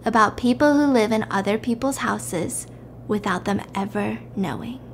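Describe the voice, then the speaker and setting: A woman's voice: medium pitch, normal speed, slight background noise. Woman animatedly recapping a film plot. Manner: animated, acts out the quotes. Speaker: podcast host.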